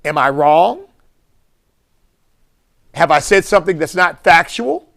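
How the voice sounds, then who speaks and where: A man's voice: fairly high pitch, lively intonation, slow, creaky, fairly bright tone. A man, a bishop, giving impassioned preaching-style commentary full of rhetorical questions.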